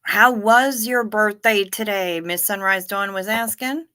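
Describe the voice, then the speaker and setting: This middle-aged woman, hosting a late-night livestream, sounds sleepy, yawning while she chats with viewers and reads their comments. Her medium-pitched voice is smooth yet sharp in tone, delivered at a measured pace.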